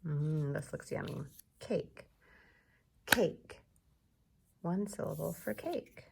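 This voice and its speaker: A woman teacher giving a recorded lesson to young children, patient and encouraging, repeating each word slowly so they can clap along. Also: low voice, gravelly, heavy background noise. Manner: slow, patient, encouraging, repeats words for clapping.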